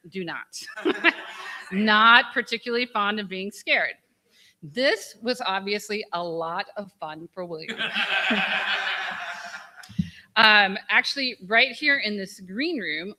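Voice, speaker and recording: A woman's voice: medium pitch, animated, a little slow, sharp tone. A woman giving a memorial speech, telling funny stories, laughing often and swearing candidly. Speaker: eulogy speaker. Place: memorial gathering.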